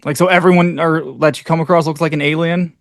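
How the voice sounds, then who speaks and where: A man's voice: a little high, fairly even intonation, no room sound, studio quality. A man cohosting a podcast in casual chat, playful and joking, tossing out wild ideas. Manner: joking, playful, quick to laugh.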